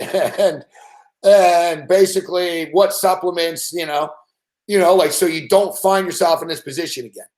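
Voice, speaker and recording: A man's voice: high-pitched, normal speed. Profane ranting man in an echoey room. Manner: profane, animated storytelling with mocking quoted voices. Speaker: sports betting show host. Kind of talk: ranting casual commentary.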